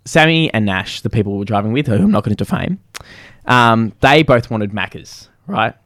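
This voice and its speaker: A man's voice: fairly low pitch, animated, normal speed, fairly bright tone, no room sound, studio quality. A young man co-hosting a casual podcast, telling a rambling story and cutting himself off often. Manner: rambling, self-interrupting storyteller. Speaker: podcast co-host. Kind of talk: casual chat.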